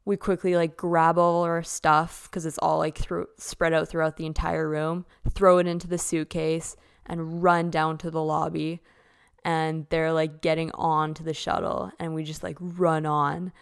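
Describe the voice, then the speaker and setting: A woman's voice: low voice, little pitch movement, unhurried, creaky, clear, resonant tone. A young woman, casually telling stories in a chatty way full of "like" as a podcast host. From Canada. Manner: chatty, with lots of "like". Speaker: figure skater hosting a podcast. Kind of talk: casual storytelling.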